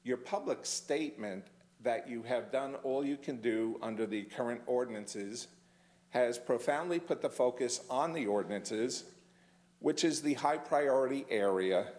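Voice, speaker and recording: A man's voice: medium pitch, darkish tone. A man at a podium microphone giving a prepared public comment to a county commission, formal and emphatic, stressing key words. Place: county meeting chamber.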